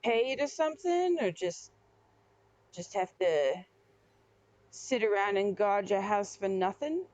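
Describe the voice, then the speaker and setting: A game master voicing a male prisoner who haggles over pay for guard work, in a slow drawl. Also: medium pitch, very animated, darkish tone, no room sound, lo-fi sound. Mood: haggling.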